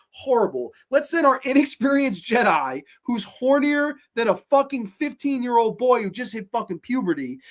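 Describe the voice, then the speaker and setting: Brief: podcast host, swearing constantly, animated ranting film review. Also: mid-range voice.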